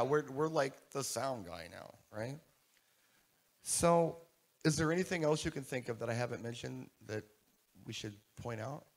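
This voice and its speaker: A man's voice: mid-range voice, gravelly. A man giving a live keynote talk to a conference audience, asking the room questions as he goes. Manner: animated, asks the audience questions. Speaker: keynote speaker.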